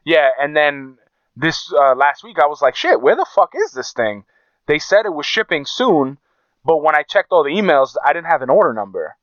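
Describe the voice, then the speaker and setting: Smooth-voiced man telling rambling stories. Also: fairly high pitch, animated, normal speed, fairly bright tone, no room sound, muffled recording. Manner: profane, storytelling, acts out quotes. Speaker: podcast co-host. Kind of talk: casual podcast banter.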